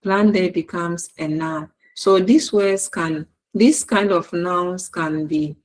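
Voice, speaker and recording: A woman lecturer with a Ghanaian English accent, giving a recorded university lesson in a slow, deliberate way and repeating her examples word by word. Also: lowish voice, steady tone, low-quality recording.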